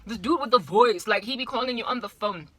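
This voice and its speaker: A woman's voice: a little high, brisk, bright, forceful tone, no room sound. A South African woman in her thirties, rambling playfully through a casual monologue with exaggerated asides. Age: 30s. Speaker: vlogger.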